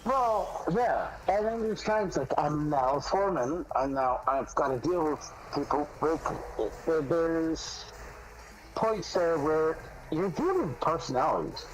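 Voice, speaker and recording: A man in casual gaming voice chat, talking earnestly about working with people, with halting restarts. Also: a little high, animated, background noise. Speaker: foreman talking in game voice chat.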